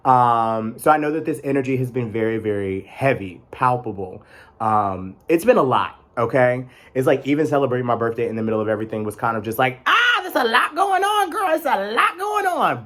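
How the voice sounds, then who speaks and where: A young man with a chatty, rambling manner and playful sassy asides, talking casually as a vlog host. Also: medium pitch. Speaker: tarot deck reviewer.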